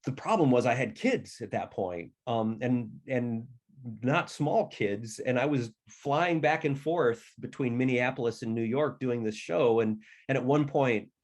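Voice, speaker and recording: A middle-aged man talking as an author guest, rambling through casual stories at a medium pitch. He is chatty and now and then acts out how family members sounded. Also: unhurried, a little mellow. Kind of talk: casual storytelling conversation.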